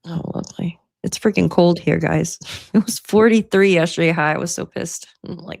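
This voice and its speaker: A woman's voice: fairly low pitch, normal speed, vocal fry, a little mellow. A woman hosting a casual livestream from home, chatty and laughing often, swearing freely. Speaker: livestream host. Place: at home by her computer.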